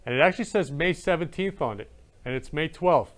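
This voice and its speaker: A man hosts a talk show, effusive and emotional. He often breaks into loud exclamations, and his voice sits a little high for a man. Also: animated, brisk. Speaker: show host. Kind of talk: effusive casual chat.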